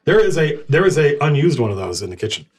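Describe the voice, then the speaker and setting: A man narrating as game master, talking in a rambling, halting way with many restarts. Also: on the high side, very animated.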